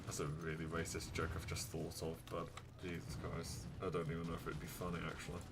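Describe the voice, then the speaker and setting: A man's voice: deep voice, monotone, a little fast, heavy background noise. A man commentating a strategy game as he plays, muttering to himself, then suddenly pleading and swearing at the screen. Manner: swings from mumbled muttering to loud pleading outbursts, swearing. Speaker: gaming YouTuber. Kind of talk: live gameplay commentary.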